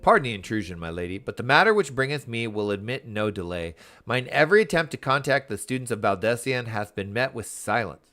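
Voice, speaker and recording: A man's voice: mid-range voice, animated, fairly quick, few pauses, sharp tone, faint music behind. A man reading aloud the lines of a courtly man who talks in ornate, old-fashioned English. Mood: grave. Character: courtly man speaking in archaic formal English.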